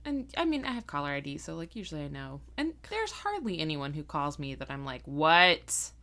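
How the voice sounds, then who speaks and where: A woman's voice: low-pitched, wildly swooping pitch, quick pace, a bit bright. A woman hosting a podcast, chatting casually, laughing often and mimicking phone voices. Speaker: podcast host. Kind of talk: casual chat.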